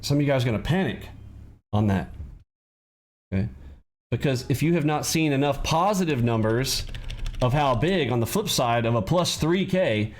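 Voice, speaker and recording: A man's voice: mid-range voice, a little mellow. Blunt, preachy male trading coach. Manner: blunt, preachy, lecturing the audience directly. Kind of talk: live trading lesson with pep talk.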